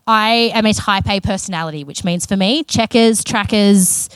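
A woman's voice: medium pitch, normal speed, clear, resonant tone, no echo. Earnest, conversational woman preaching. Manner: earnest and conversational, with self-aware asides. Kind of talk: sermon.

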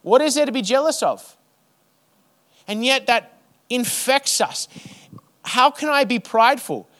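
A man preaching a sermon to his church, building rhythmic lists and then dropping to a soft hush. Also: very high voice, expressive, unhurried. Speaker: pastor.

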